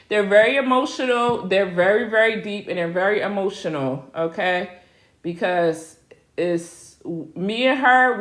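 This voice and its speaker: A woman's voice: mid-range voice, a bit bright, roomy sound. A middle-aged woman hosting a casual live Q&A as a spiritual reader, chatty and laughing as she talks straight to her viewers.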